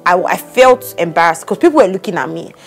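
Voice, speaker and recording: A woman, co-hosting a casual chat and telling a story with lively acted-out quotes. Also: fairly low pitch, brisk, creaky, faint music behind. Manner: animated storytelling, acts out quotes. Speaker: podcast co-host.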